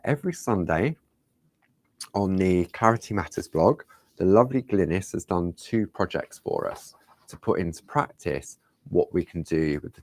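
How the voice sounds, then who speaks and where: Chatty man with a very low voice. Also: a little mellow. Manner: chatty, rambling, asks viewers rhetorical questions. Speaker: craft show host. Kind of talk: casual step-by-step craft demonstration.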